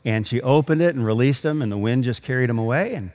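A man's voice: medium pitch, fast, darkish tone, big-room sound. A man preaching a sermon, telling a story with acted quotes and building to emphatic points. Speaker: pastor.

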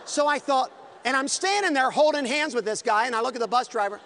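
A man preaching a sermon, telling a story with lively swings from hushed to shouting. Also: very high voice, brisk, slight background noise.

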